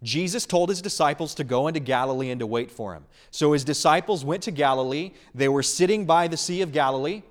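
Earnest, slightly high-voiced male preacher. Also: fairly quick, hardly any pauses. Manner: earnest, emphatic preaching that swings between loud and hushed. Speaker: pastor. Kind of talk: sermon.

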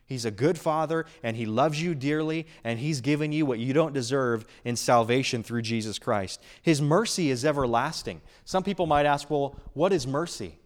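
A middle-aged man preaching a sermon as a pastor in his church, earnest and building emphasis on key phrases. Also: medium pitch.

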